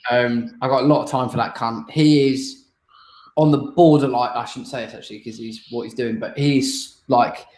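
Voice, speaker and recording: A man's voice: medium pitch, fairly even intonation, a little mellow, reverberant, low-quality recording. Blunt, sweary man co-hosting. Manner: blunt, sweary, fast bursts. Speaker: co-host. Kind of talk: casual chat.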